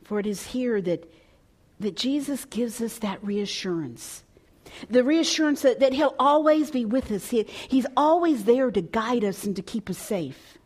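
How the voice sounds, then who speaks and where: A woman pastor delivers a storytelling sermon in an unhurried, measured way. Her voice sits a little on the high side. She is expressive, and at times she lowers to a soft, hushed tone. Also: husky.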